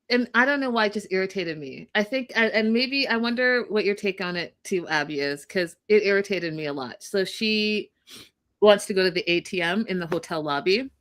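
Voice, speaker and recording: Bright, animated woman recapping a show. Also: a little high. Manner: animated storyteller, laughing a lot. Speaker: co-host. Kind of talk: casual recap chat.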